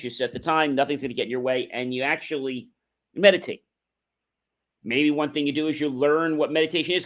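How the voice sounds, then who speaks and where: A man's voice: a little high, fairly bright tone. A middle-aged man hosting a motivational livestream, coaching viewers with rhetorical questions and acting out sample conversations. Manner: emphatic, coaching delivery with rhetorical questions and acted-out example dialogue.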